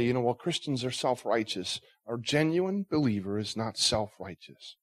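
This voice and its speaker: A man's voice: a little high, slightly rough. A male pastor delivering a sermon, earnest and conversational, pressing his listeners with rhetorical questions. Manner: conversational asides.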